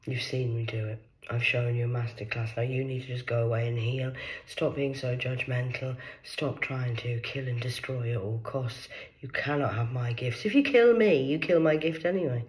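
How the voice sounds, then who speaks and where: A British woman vlogging in a rambling live monologue, defiant and boastful, swearing freely and swinging from hushed whispers to loud excited outbursts. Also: extremely low pitch, normal speed. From United Kingdom.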